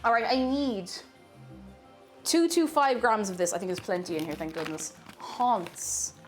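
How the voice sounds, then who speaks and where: A woman's voice: mid-range voice, unhurried. A woman live-streaming from her home kitchen while baking, chatting playfully and humming and singing to herself. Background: music.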